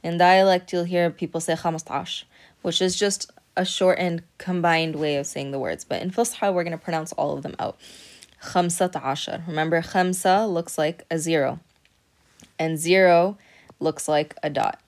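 A woman's voice: fairly low pitch, fairly even intonation, moderate pace. A woman teaching a recorded Arabic lesson, patiently explaining step by step and checking in with frequent "okay".

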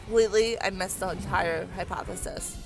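A young woman commentating on a video game as she plays, chatty and excitable, talking into a desk mic. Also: medium pitch, fairly quick, creaky, soft background music. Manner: excitable, chatty, reads game dialogue aloud. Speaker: let's play host. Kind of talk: casual gameplay commentary.

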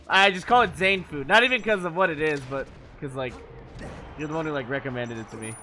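A man's voice: a little high, brisk, sharp tone, soft background music. A man streaming live in casual chat, profane and teasing, laughing often between lines.

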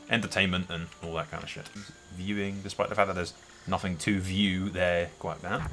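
A man's voice: sits low, sharp tone, a little hiss or hum. A man doing casual let's-play commentary, thinking aloud and swearing often. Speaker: gameplay host.

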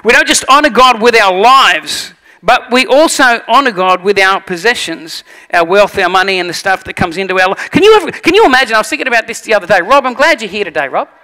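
A man preaching a sermon, telling animated stories and acting out the voices. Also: high-pitched, fast talker, hardly any pauses, in a large hall. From Australia. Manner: animated storytelling, acts out voices. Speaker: pastor.

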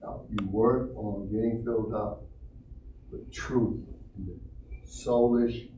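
Male pastor, animated and encouraging, roomy hall sound, heard from a distance. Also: lowish voice, slow pace, dull audio. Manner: animated, encouraging, calls on the congregation. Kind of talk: interactive Bible teaching. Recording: roomy church room, mic at a distance, faint noise.

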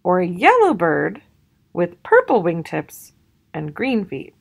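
A woman's voice: fairly low pitch, huge pitch swings, slow pace, vocal fry, breathy edge, full character voice. A woman voicing a good-natured, puzzled father bear from a storybook, asking question after question.

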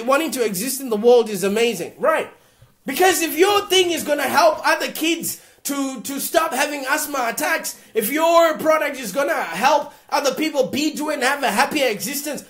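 Blunt, high-voiced woman host. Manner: blunt, emphatic, often raising voice to a near shout; keeps checking in with "all right?". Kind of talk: live motivational Q&A advice show.

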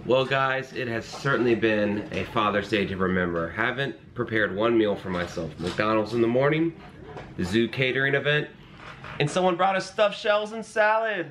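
A man's voice: medium pitch, lively intonation, normal speed, fairly bright tone, slight background noise. A man in his thirties, a father talking casually to his vlog camera with joking, self-mocking asides. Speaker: vlogger and father. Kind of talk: casual family vlog narration. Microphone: handheld camera mic.

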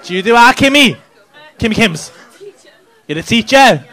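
A man's voice: very high voice, animated, normal speed, bright, forceful tone, some chatter behind. A male stand-up comedian, teasing the audience in sweary banter on a comedy club stage. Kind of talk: crowd work at a comedy club. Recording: noisy live club recording. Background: audience laughter.

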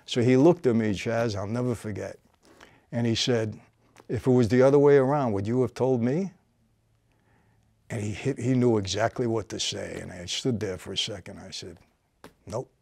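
At a normal pace and with a gravelly texture, a man hosting a show tells a dramatic story about himself, casual yet vivid. His medium-pitched voice repeatedly falls quiet and low when things get tense. Captured close and dry in a studio, there's no room sound.

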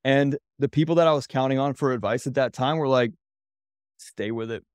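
A man's voice: mid-range voice, steady tone, quick pace, clear, resonant tone, dry recording. Candid man telling his story, dry sound. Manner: loose, rambling, with many "like" fillers; earnest and openly emotional. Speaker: podcast guest, men's coach.

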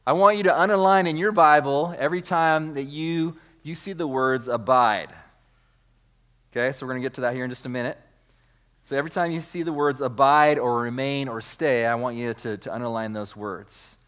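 A man's voice: medium pitch, moderate pace, fairly bright tone. A man preaching a sermon, reading scripture aloud and then explaining it with repeated words, restarts and rising emphasis, calling on the congregation to join in. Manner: restarts phrases, calls on the congregation. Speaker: pastor.

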